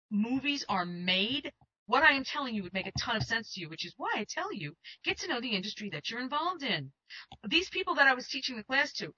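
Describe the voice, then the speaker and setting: A woman's voice: mid-range voice, no room sound. A woman working as a literary agent, giving screenwriters casual, emphatic advice with lots of restarts. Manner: animated and emphatic, with frequent restarts. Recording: dull, dry, lo-fi recording.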